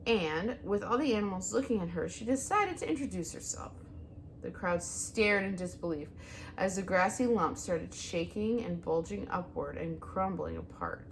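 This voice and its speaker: Sex: woman. Style: storybook read-aloud narration. Pitch: middle, with a very lively range. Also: a little hiss or hum. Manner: expressive, animated reading. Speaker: audiobook reader.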